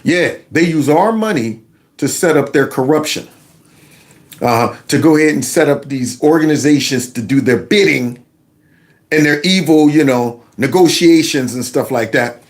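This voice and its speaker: Fired-up man with a higher voice. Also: moderate pace. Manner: emphatic, colloquial, indignant; big pitch swings for emphasis. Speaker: political commentary host. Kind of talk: opinionated commentary vlog.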